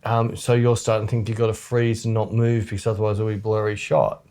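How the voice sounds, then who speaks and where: A man's voice: fairly low pitch, flat delivery, fast, warm tone. A man, a photographer hosting a podcast, telling rambling, blunt, joking stories in casual chat.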